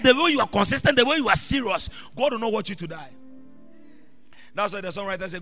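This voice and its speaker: A man preaching a sermon as an apostle, shifting between quiet asides and shouted proclamations. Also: sits high, fast. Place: church hall. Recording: reverberant church hall with music behind.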